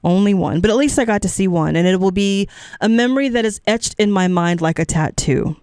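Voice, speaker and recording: A woman's voice: mid-range voice, a little fast, a little mellow, clear, resonant tone, dry recording, studio quality. A middle-aged woman hosting a radio music show, talking casually between songs in a chatty, encouraging way that sometimes wanders off track. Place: radio studio. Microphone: studio microphone.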